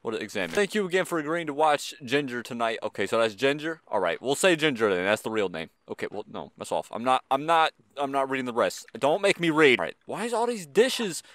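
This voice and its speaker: A man hosting a horror game let's play, jumpy and excitable, chatting slangily to the characters on screen. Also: mid-range voice, fast, few pauses, dry recording. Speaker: gaming channel host.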